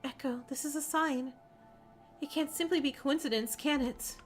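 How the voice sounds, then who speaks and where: A woman's voice: high voice, normal speed, soft background music, lightly acted. A woman voicing Ashley, a shaken young woman. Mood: uneasy. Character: distraught young woman, grieving friend.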